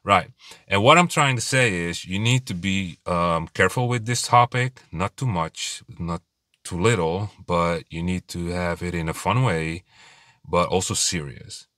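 Low-voiced man, blunt and rambling; casual advice monologue with a dry, close sound. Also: unhurried, sharp tone, no echo. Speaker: dating advice vlogger.

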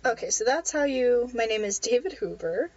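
A woman's voice: a little high, animated, normal speed, a little mellow, dull audio, faint music behind. A woman playing a game and chatting through it, wryly reading the on-screen text aloud. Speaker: let's play gamer. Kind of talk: casual gameplay commentary.

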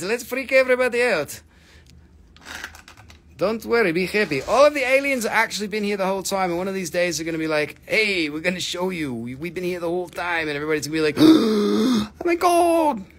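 Reading viewers' chat comments aloud, a high-pitched mineral seller works a live stream with great animation. His excitement spills over into sudden shouts as he pitches.

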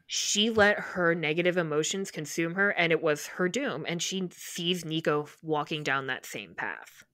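A woman's voice: low voice, lively intonation, moderate pace, fairly bright tone, no room sound, studio quality. A woman co-hosting a podcast, casually retelling scenes from a book and acting out the characters' lines. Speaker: podcast co-host.

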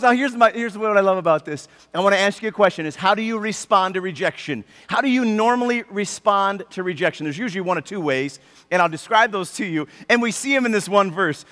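A pastor delivers his sermon in a high, bright voice. He tells the story with animated energy and acts out the people in it. His voice rings with long reverb in a church hall. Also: brisk. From United States. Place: church sanctuary.

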